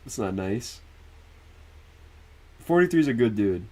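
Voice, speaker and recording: A man's voice: fairly low pitch, very animated, unhurried, darkish tone. Male streamer, loose and profane, chats and laughs with his viewers. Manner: answers viewers directly. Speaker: livestreamer. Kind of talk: casual stream chat.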